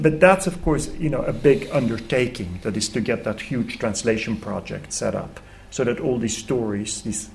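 A man's voice: on the low side, gravelly, darkish tone, slight background noise, poor audio. A man speaking on a festival panel, telling a story animatedly with many fillers and restarts. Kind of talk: panel talk. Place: festival hall.

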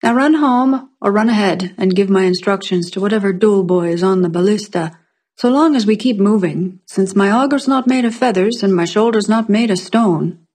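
A woman reading the part of a good-natured middle-aged craftsman who teases kindly, in a storybook reading with a breathy voice. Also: medium pitch, normal speed, a little mellow, close to an everyday voice. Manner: cheerful, teasing.

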